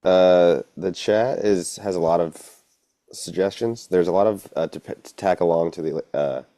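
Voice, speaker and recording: A man co-hosting a sports podcast, reading out chat comments in a relaxed, teasing way. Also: low voice, normal speed, no echo.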